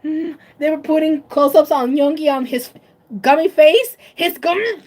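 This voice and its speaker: A woman's voice: sits high, measured pace, a little mellow. A woman vlogger chatting casually on a live stream, emotional and tearful, gushing and laughing often.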